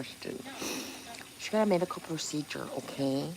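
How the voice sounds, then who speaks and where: A woman's voice: low-pitched, steady tone, fairly quick, creaky, darkish tone, rough recording. A woman hosting a casual livestream outdoors by a pond, rambling, swearing now and then and answering viewer comments aloud. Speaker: livestream host. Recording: outdoor noise in background.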